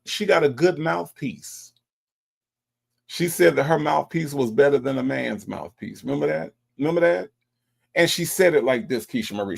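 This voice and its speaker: A man hosting a live stream, chatting casually and teasing his chat with an animated delivery. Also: medium pitch, creaky. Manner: animated, teasing, mocks chat with exaggerated voices. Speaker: livestream host.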